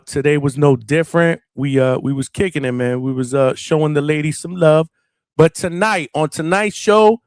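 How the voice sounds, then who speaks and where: A man's voice: a little high, dry recording, clean studio sound. A man hosting a late-night boxing call-in show, talking in a loose, slangy and profane way, with lots of "man" and "bro". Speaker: podcast host.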